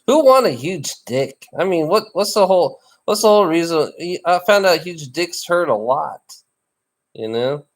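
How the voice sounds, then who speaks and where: A man's voice: fairly high pitch, animated, moderate pace. A man chatting casually in a rambling, teasing way, often restarting and repeating his phrases. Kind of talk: casual chat.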